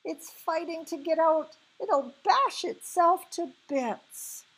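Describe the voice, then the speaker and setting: A woman voicing a curious, anxious young girl, in a higher, raspy voice. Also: animated, unhurried, a little mellow, heavily acted, poor audio.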